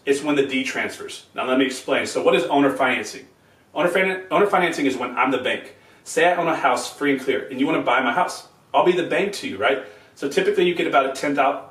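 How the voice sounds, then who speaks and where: A man hosting a real estate channel, quickly and plainly walking through an example step by step in a casual explainer. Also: mid-range voice, fairly bright tone. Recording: roomy sound from a distance off the mic.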